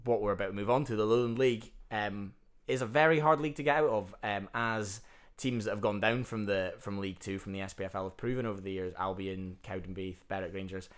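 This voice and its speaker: A young Scottish man with a lowish voice, chatting loosely about football as a podcast co-host. He rambles, swears freely and laughs easily. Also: fast, clear, resonant tone. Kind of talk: casual chat.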